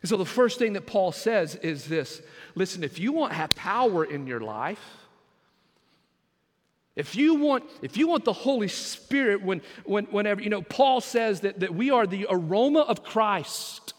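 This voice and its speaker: A man preaching a sermon as pastor, emphatic and swinging between quiet, drawn-out phrases and loud bursts. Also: high voice, lively intonation, long reverb tail.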